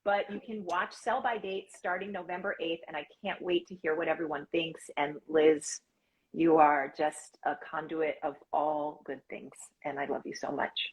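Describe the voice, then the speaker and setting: A woman guest on a casual live-stream chat, playful with quick asides, over a video call. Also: deep voice, steady tone, muffled recording. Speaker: guest performer.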